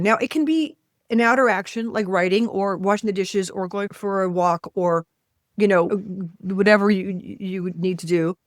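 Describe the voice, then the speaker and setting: A woman's voice: medium pitch, no room sound, studio quality. A woman author as an interview guest, leading a guided exercise in an emphatic, blunt manner and swearing freely. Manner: animated, acting out voices in quotes.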